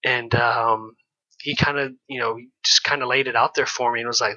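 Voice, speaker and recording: A former pro baseball pitcher telling loose, candid stories in an interview, full of "like" and "you know". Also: male voice, steady tone, moderate pace, sharp tone, lo-fi sound. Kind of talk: casual storytelling in an interview.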